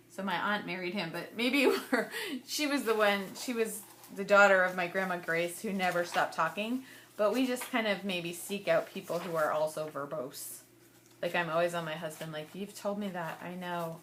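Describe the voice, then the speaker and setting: A woman's voice: lowish voice, fairly bright tone, a little hiss or hum. Chatty rambling woman vlogger. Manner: chatty, rambling, laughs often. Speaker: scrapbooking vlogger. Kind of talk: casual chat to camera.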